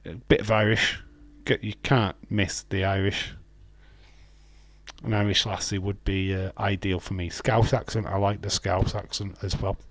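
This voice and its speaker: A man's voice: fairly low pitch, little pitch movement, normal speed, a bit bright, no echo. A man hosting a casual live stream, chatting loosely, laughing often and answering viewers' comments. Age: adult with children.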